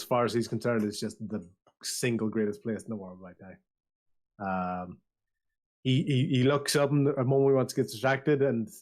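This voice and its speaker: A man, narrating as game master with many restarts and fillers. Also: mid-range voice.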